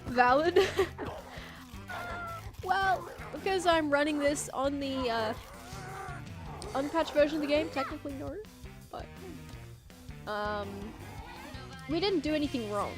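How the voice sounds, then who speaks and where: A woman's voice: sits high, lively intonation, a little slow, long pauses, over music. A woman game streamer chatting casually on a live stream at home, rambling through opinions and reading chat aloud. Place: home room.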